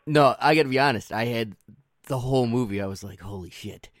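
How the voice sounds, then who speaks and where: A man's voice: medium pitch, fast talker, no echo. Easygoing male host, dry close sound. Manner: easygoing, laughs often, trails off mid-sentence. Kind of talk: casual chat.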